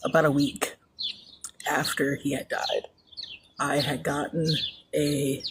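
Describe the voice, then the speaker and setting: A woman's voice: low-pitched, little pitch movement, slow pace, noisy background. A mother speaking to camera in an emotional, earnest and rambling way about her own experience. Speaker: mother sharing a personal story. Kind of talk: personal video monologue.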